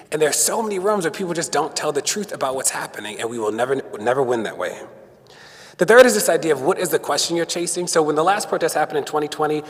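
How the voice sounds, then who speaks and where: Fast-talking man speaking in a hall. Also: mid-range voice. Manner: storytelling with acted-out quotes. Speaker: guest speaker. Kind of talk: conversational speech to an audience. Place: synagogue hall. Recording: long hall reverb.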